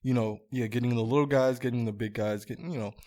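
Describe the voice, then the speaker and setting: A man who is a guest on a podcast, talking in a relaxed, easygoing way. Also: mid-range voice, quick pace. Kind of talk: casual chat.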